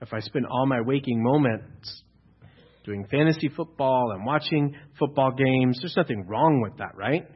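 A pastor preaching a sermon, building to loud, emphatic exhortation at times. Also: male voice, medium pitch, moderate pace, husky, dull audio.

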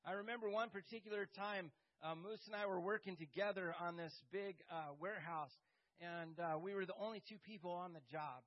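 A man, a pastor, telling a personal story to a group with halting speech, many fillers and dry humor. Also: sits high, dull audio.

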